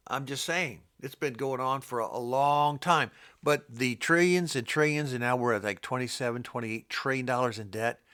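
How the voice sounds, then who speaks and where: A man's voice: medium pitch, sharp tone. An older man giving an informal, rambling Bible teaching in a blunt, scolding way. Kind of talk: informal preaching monologue.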